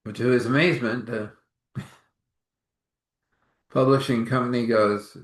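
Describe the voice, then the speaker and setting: A man's voice: mid-range voice, steady tone, a little slow, long pauses, roomy sound. A man telling an informal faith story in a rambling, chuckling, conversational way.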